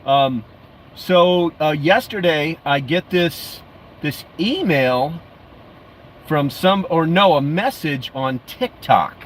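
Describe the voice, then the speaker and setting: A man's voice: a little high, animated, takes it slowly, a little hiss or hum. A middle-aged man hosting a casual livestream, reading viewer comments aloud and rambling with lots of fillers and restarts, calling viewers bro. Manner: friendly, calls viewers bro. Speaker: livestream host.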